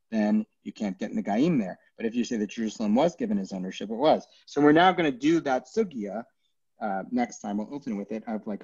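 A man teaching a Talmud class, loose and chatty, joking and thinking aloud with plenty of ums and uhs. His voice is a little husky and sits at a middle pitch. The audio sounds dull and lo-fi, like an online class. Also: a little mellow. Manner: casual, joking, thinks aloud with many fillers. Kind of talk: informal Talmud lesson.

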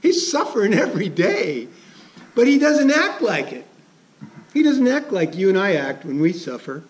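A man's voice: sits high, sing-song, normal speed. A man preaching a sermon as a pastor, conversational and chuckling, asking his listeners questions.

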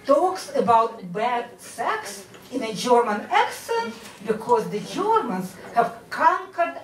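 A woman with a Russian accent doing a stand-up set on a comedy club stage, with a dry, measured delivery. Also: on the high side, big pitch swings, recorded from a distance. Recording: echoey club, mic heard from afar.

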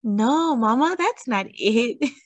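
A woman voicing an excited little girl in a storybook read-aloud, with a bright, eager and playful delivery. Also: fairly high pitch, slow pace, dry recording, pitched above the performer's own voice.

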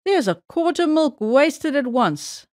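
A stingy, bargain-hunting housewife, voiced by a woman reading a storybook, who sounds fussy and scolding. Her voice sits higher than the reader's plain telling and is recorded dry, with no room sound. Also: sing-song, slow, a little mellow, dry recording, full character voice. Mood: vexed. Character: stingy, bargain-loving old-fashioned housewife.

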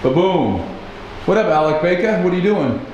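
A man's voice: high-pitched, big pitch swings, moderate pace, darkish tone, muffled recording. A man giving a casual, rambling vlog tour of a house, talking into a handheld camera in a slangy, laid-back way. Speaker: fitness vlogger. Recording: echoey room, faint background noise.

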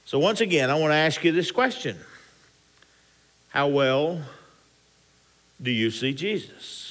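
A man preaching a sermon as pastor, with animated, rising and falling emphasis and frequent restarts. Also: on the high side, unhurried.

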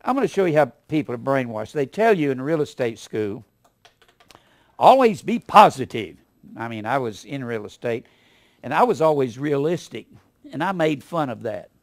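A man preaching a sermon in a folksy, animated way, swinging from loud emphasis to quiet asides. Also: mid-range voice, fairly quick, no echo.

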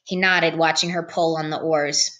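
A woman reading a novel aloud as an audiobook narrator, in a calm, even read-aloud manner. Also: deep voice, moderate pace. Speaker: audiobook reader. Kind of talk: storybook narration.

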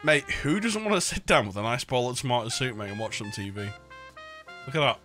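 A man's voice: mid-range voice, expressive, a little fast, sharp tone, faint music behind. A man streaming a game, joking around casually and saying "mate" at the end of nearly every sentence. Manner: jokey, says "mate" constantly. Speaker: gaming streamer. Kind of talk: casual chat while playing.

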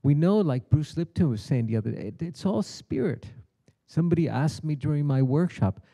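Bright, tense-voiced man telling a spiritual parable. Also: a little high, animated, brisk, vocal fry. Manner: storytelling, acts out the characters' lines. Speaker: keynote speaker. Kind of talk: spiritual teaching talk. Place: conference hall.

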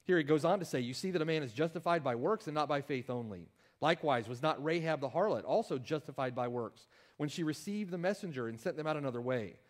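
A man preaching from the pulpit, his slightly raised voice swinging widely as he leans on key words of scripture. He pauses often and points his listeners to chapter and verse. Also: a little high, lively intonation. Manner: reads scripture aloud with emphatic rises and pauses. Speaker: pastor. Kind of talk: sermon.

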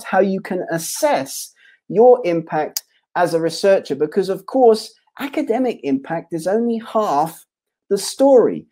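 Male webinar presenter, mellow warm voice, restates ideas in lists. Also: sits high. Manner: restates points in repeated lists of phrases. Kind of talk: online presentation to researchers.

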